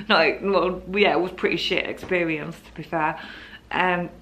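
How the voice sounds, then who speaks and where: A woman's voice: lowish voice, unhurried, fairly bright tone, a little hiss or hum. Candid woman recounting her birth story. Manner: emotional, candid, rambling with restarts. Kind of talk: casual personal storytelling.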